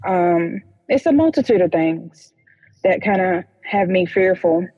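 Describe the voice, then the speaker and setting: A woman's voice: on the low side, animated, no room sound, in a large hall, muffled recording. A woman from North Carolina with a Southern accent, talking hesitantly about her life as a guest on a counseling show. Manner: hesitant, halting, with many pauses. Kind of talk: personal conversation.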